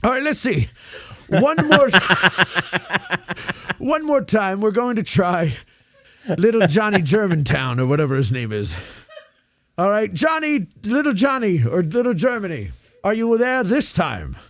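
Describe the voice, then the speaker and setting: A man's voice: high-pitched, sing-song, unhurried, pauses often, fairly bright tone, no echo, full character voice. A man playing a grumpy, self-pitying Santa Claus in an improvised comedy podcast bit, blustering and laughing a lot. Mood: grumbling. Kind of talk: improvised comedy role-play.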